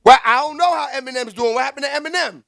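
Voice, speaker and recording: A man hosting a casual commentary vlog, loud, excitable and full of slangy trash talk. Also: extremely high pitch, rapid-fire, gravelly, slight background noise. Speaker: host.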